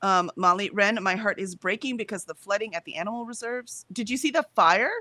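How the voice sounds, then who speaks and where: A woman's voice: medium pitch, brisk, sharp tone, dry recording. An American woman co-hosting a livestream in casual chat, reading out viewer comments and laughing often. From United States. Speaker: livestream co-host.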